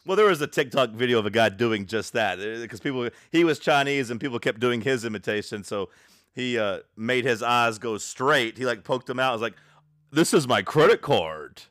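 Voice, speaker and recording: A man's voice: mid-range voice, brisk, fairly bright tone, no echo, studio quality. A young man co-hosting a podcast, teasing and blunt in casual chat. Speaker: podcast co-host.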